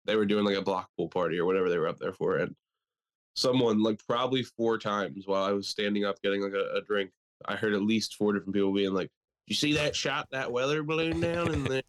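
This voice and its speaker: A man's voice: fairly low pitch, flat delivery, quick pace. A young man co-hosting a podcast in casual chat, crude and jokey, rambling, with mocking asides. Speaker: podcast co-host.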